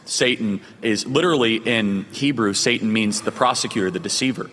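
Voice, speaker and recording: A man's voice: fairly low pitch, brisk, fairly bright tone, big-room sound. A man hosting a talk show, asking earnest, emphatic questions about faith. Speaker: host. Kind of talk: faith-focused talk interview.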